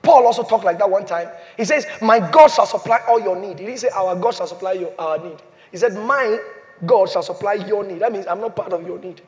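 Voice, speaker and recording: A man preaching a sermon as pastor, repeating phrases and swinging from loud declarations to hushed, slow emphasis. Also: high-pitched. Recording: long hall reverb.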